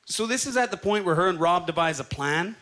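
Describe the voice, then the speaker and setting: A Canadian man in his thirties performing a stand-up set, telling stories with quick acted-out quotes on a club stage. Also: high-pitched, expressive, bright, forceful tone. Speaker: stand-up comedian. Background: faint audience laughter.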